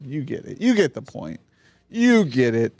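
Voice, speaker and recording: A male streamer with a gravelly, creaky voice talks loosely and swears often as he chats with a guest and his viewers. His sound is close and dry, with no room around it. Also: medium pitch, huge pitch swings, measured pace, darkish tone, dry recording. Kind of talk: casual live-stream chat. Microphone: streaming mic on a mixer.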